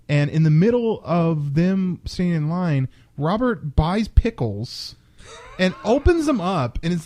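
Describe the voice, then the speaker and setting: Young male podcast co-host, slightly high, rambling and profane. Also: darkish tone. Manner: profane, rambling, self-reflective. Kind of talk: casual storytelling chat.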